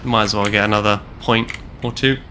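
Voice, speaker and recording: Bright-voiced young man telling a rambling story. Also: lowish voice, fairly even intonation, fairly quick, a little hiss or hum. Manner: rambling, repeats himself, wry. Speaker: game streamer. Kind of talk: casual storytelling while gaming.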